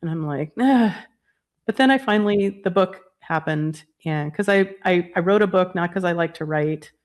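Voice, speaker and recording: A woman's voice: lowish voice, normal speed. A woman guest on a podcast, talking candidly and chattily about her healing work. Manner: candid, chatty, lots of fillers and quoted asides. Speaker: guest, energy healer and author. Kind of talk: casual conversational interview.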